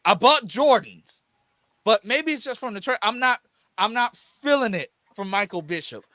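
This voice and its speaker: A young man co-hosting a casual live-stream chat, animated and repeating words as he starts his sentences. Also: very high voice, normal speed, dry recording. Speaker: stream co-host.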